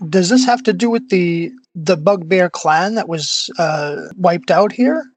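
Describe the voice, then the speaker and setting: A player speaking in character in a tabletop game, measured and hesitant with evasive answers. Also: medium pitch, expressive, poor audio. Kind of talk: in-character tabletop role-play.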